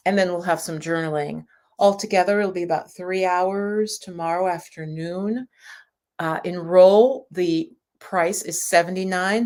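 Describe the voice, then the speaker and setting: A woman's voice: on the low side, darkish tone. A woman yoga and meditation teacher talking casually and reassuringly to viewers of a livestream. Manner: chatty, reassuring, sometimes laughing.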